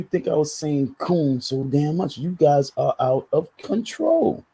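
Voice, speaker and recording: A man's voice: fairly high pitch, animated, takes it slowly, vocal fry, hardly any pauses, mellow, husky, low-quality recording. A man talking to his online viewers in a blunt, emphatic, profane monologue with a preachy tone. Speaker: online commentator.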